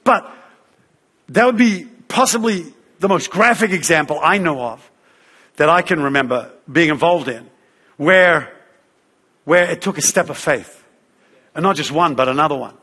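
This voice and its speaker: Husky preacher man in a reverberant hall. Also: on the high side, moderate pace, long pauses. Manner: animated storyteller, acts out voices, fillers like "uh" and "you know". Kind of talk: sermon storytelling.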